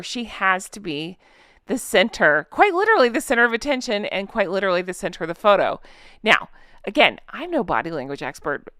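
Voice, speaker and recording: A woman's voice: medium pitch, a bit bright, smooth, no echo, clean studio sound. A woman hosting a gossip commentary vlog, talking straight to her viewers with sarcastic, mocking asides and lots of rhetorical questions. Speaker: commentary vlogger. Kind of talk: chatty gossip commentary to camera.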